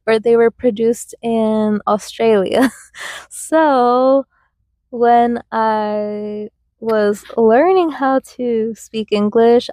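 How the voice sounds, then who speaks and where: A woman's voice: fairly high pitch, mellow, no room sound, studio quality. A young woman hosting a podcast, telling personal stories in a rambling way with many fillers and restarts. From United States, Mexican family. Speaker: podcast host. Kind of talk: casual reflective storytelling.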